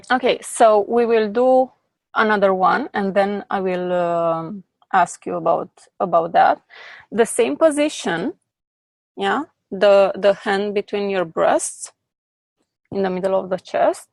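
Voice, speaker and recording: Slow-paced woman leading a group exercise. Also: mid-range voice, creaky, a little mellow, dry recording. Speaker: workshop facilitator.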